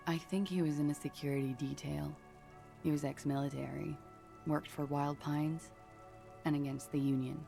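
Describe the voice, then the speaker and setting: An actress voicing a weary, guarded young woman in a video game, speaking in a low-key, tired manner. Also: fairly even intonation, moderate pace, gravelly, dark tone, faint music behind. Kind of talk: game character voice acting.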